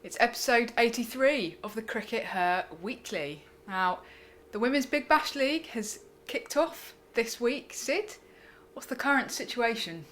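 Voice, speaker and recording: A woman co-hosting a podcast, talking casually and lively with some fillers. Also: a little high, measured pace, a little hiss or hum. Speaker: podcast co-host. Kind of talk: casual chat.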